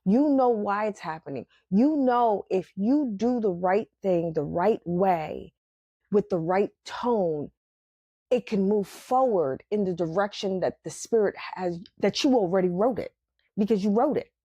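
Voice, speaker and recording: A woman's voice: medium pitch, animated, measured pace, mellow, husky, dry recording, highs cut off. A woman hosting a podcast, speaking in a reflective spiritual monologue and acting out her inner voices with bursts of laughter. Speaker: podcast host.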